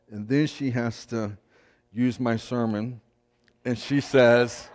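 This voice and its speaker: A man's voice: medium pitch, steady tone, slow, a little mellow. A man, a pastor, telling a candid, self-deprecating personal story during a sermon. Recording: long hall reverb.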